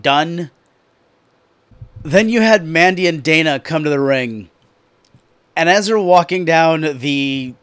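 A man giving an excitable, profane recap of a wrestling show, telling it as a story. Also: fairly high pitch, no room sound. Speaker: wrestling commentator reviewing a show.

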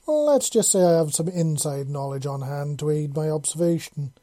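A narrator voicing a cocky male ex-special forces soldier who jokes and growls softly. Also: medium pitch, expressive, normal speed, lightly acted. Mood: playful.

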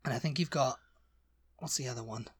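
A man's voice: mid-range voice, a little fast, slight background noise. British guy cohosting a podcast, rambly, lots of restarts, just chatting. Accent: British English. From Britain. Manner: rambling, hesitant, self-correcting. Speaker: podcast co-host. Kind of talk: casual chat.

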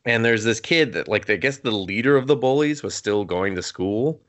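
A man's voice: fairly low pitch, animated, normal speed, a bit bright. Rambling man recapping an anime, coughing. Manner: rambling, laughs often, acts out quotes. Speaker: podcast co-host. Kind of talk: casual chat recapping an anime episode.

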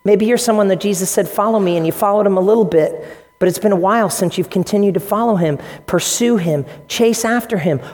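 A woman's voice: mid-range voice, a little fast, darkish tone. A woman preaching a sermon in a church hall, speaking earnestly and directly to her congregation. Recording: long hall reverb, faint music behind.

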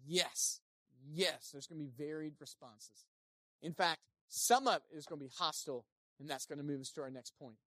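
A pastor preaching a sermon, animated, swinging between loud emphasis and quiet asides, and acting out the people quoted. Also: medium pitch, moderate pace, no echo, clean studio sound. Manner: acts out quoted speakers in playful voices.

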